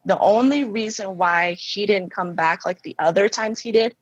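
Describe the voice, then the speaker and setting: A woman guest telling her personal story in an interview, halting, with many fillers and restarts. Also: mid-range voice, no echo, highs cut off. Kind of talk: emotional personal testimony.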